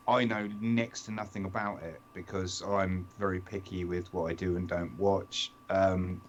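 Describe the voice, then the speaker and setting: A man's voice: low voice, muffled recording, a little hiss or hum. A British man co-hosting a podcast, chatting casually with dry, self-deprecating humor and long explanations full of fillers. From United Kingdom. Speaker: podcast co-host. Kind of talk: casual chat.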